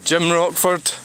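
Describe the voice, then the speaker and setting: A Scottish vlogger livestreams while walking beside a road, rambling, sighing, and starting thoughts over. The mid-range voice comes across bright and forceful, with a bit of background noise.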